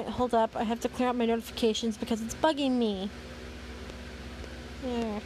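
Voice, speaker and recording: A young woman with a high voice reads a fan story aloud, tripping over words and correcting herself. She breaks off now and then for dry, sarcastic remarks, with faint noise behind her. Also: fairly even intonation, moderate pace, pauses often, a little mellow, low-quality recording. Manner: sarcastic asides, stumbling and self-correcting. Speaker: host reading fan fiction. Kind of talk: reading fan fiction aloud with commentary.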